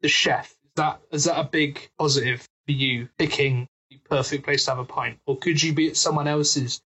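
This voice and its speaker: Man, podcast co-host, high husky voice, teasing and giggly. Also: fairly even intonation, moderate pace, bright, forceful tone, muffled recording. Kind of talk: casual chat.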